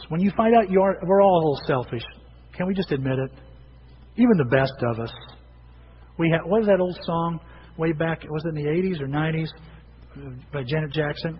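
A man preaching a sermon as pastor, animated, often repeating and restarting his words. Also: fairly high pitch, a little hiss or hum. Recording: dull lo-fi sound with long hall reverb.

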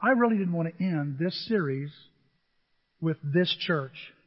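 Male pastor, high voice, emphatic sermon style that bursts loud on key words, long hall reverb, dull audio. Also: expressive, measured pace. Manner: emphatic, rising to near-shouts on key words; acts out congregants' complaints in mocking voices.

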